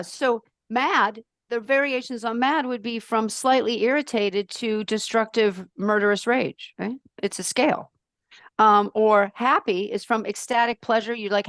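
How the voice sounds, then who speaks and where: A woman guesting on a podcast, talking in an emphatic, outspoken, animated way with big swings in pitch. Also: clean tone, no room sound, clean studio sound. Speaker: podcast guest, life purpose coach. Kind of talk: casual podcast conversation.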